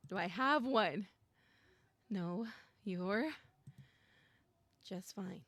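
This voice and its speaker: A young woman streaming a story game, reading the lines aloud and reacting with emotional, gushing excitement and nervous laughter. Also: mid-range voice, very slow, pauses often, dry recording. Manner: emotional, gushing and easily frightened, laughs often.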